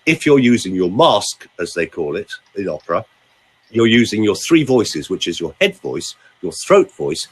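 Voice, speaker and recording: Older guy, vocal coach, husky voice, swoops up and down a lot, theatrical and teasing. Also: on the low side, very animated, moderate pace. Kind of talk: casual podcast chat with voice demonstrations.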